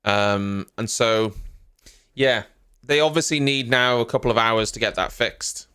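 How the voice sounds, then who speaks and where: A man's voice: medium pitch, a little slow, bright, forceful tone, clean tone. A man giving casual live reaction commentary as a streamer, rambling and chatty, with frequent fillers and asides.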